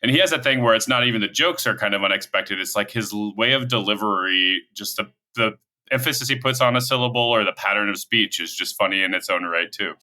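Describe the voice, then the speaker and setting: A man's voice: fairly low pitch, quick pace, pushed and bright. A man hosting a casual podcast interview, asking questions in a friendly, enthusiastic way. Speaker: podcast host.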